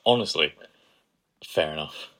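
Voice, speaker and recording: A man's voice: very deep voice, lively intonation, a little slow, sharp tone. A man co-hosting a podcast, chatting playfully and enthusiastically. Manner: playful, enthusiastic, gushes over quotes. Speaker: podcast co-host. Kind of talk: casual chat.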